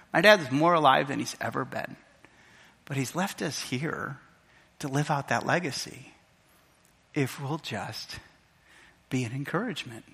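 In a church sanctuary, a middle-aged male pastor preaches a sermon, emotionally recounting a personal story and voicing other people. His mid-range voice is creaky and husky with a fairly bright tone, and the audio carries the reverb of a church hall.

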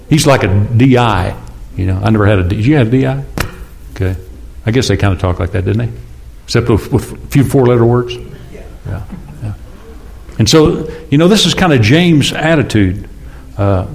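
A man's voice: mid-range voice, lively intonation, moderate pace, a little mellow. Chatty pastor in his sixties. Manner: chatty, asks the congregation questions, acts out God and James. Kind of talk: conversational sermon.

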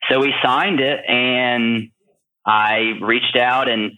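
Excited man on a tinny phone line. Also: medium pitch, slow. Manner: rambling, excitable, lots of fillers. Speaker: podcast guest, real estate wholesaler. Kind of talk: casual storytelling interview.

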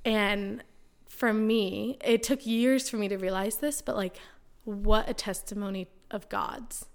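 A woman's voice: medium pitch, fairly even intonation, measured pace. Young woman telling a personal story. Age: young adult. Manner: chatty, full of "like" and acted-out quotes; earnest, speaks openly about faith. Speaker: podcast guest.

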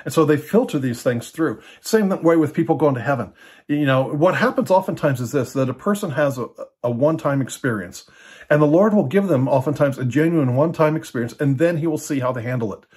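An older man giving an unscripted Bible teaching talk in a relaxed way, often repeating words and adding fillers as he thinks aloud. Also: on the high side, brisk, breathy edge. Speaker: teacher of a church ministry.

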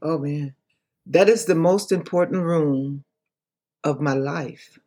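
A woman's voice: deep voice, slow, warm tone. Woman evangelist, impassioned testimony, preacher-like cadence, emphatic repeats. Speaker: evangelist and author guest.

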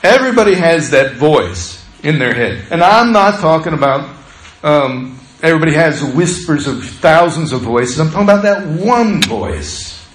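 Conversational pastor with a slightly high voice. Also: male voice, moderate pace, reverberant, poor audio. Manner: conversational, animated storytelling with laughs. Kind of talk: sermon.

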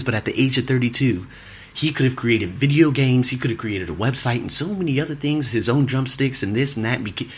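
A man's voice: fairly low pitch, a bit bright, slight background noise. A man in his thirties telling a candid, rambling personal story as a podcast host, full of fillers and restarts.

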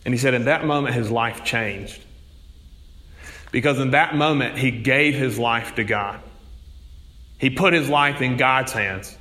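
A man's voice: medium pitch, measured pace, long pauses, bright, forceful tone. A man, a priest, preaching a sermon in a conversational storytelling way, with rising emphasis. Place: church. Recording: long hall reverb.

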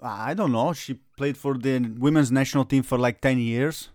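A man with a foreign accent, calm and drily skeptical, co-hosting a casual soccer chat. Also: medium pitch, normal speed, no room sound, clean studio sound. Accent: non-American. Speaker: soccer podcast co-host.

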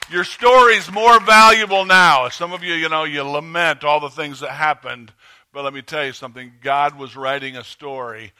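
Bright-voiced male pastor preaching. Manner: conversational, halting with fillers and restarts; rises in pitch and volume when stirring the congregation. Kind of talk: sermon. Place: church sanctuary.

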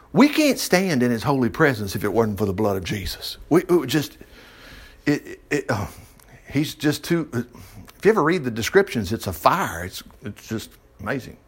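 Folksy, animated male preacher. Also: mid-range voice, moderate pace, breathy edge. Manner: folksy, animated, reads scripture then riffs with jokes and laughs. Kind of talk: conversational Bible teaching with asides.

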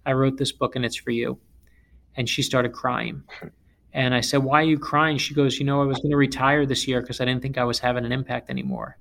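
A man who is an author, from South Florida, telling stories in an interview in an emphatic, animated way. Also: mid-range voice, brisk, gravelly, slight background noise. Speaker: author and guest speaker. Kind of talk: interview storytelling.

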